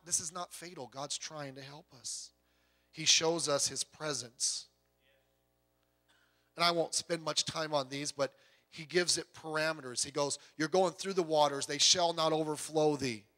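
A male pastor delivers a sermon with a high-pitched, bright and forceful voice. He talks conversationally, asks the congregation rhetorical questions and drops in joking asides.

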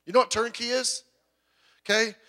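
A middle-aged male pastor preaching with a high, bright voice. He is animated and jokes with the congregation. He sometimes breaks into loud outbursts. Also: normal speed. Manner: puts on voices when quoting people. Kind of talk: sermon.

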